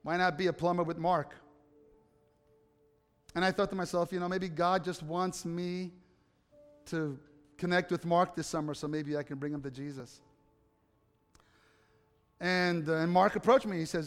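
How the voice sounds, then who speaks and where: A pastor tells stories in his sermon at a moderate pace with long pauses, acting out dialogue in lively fashion and building to fervent appeals to the congregation. His voice is slightly high for a man, and a long hall reverb follows his words with faint music in the background.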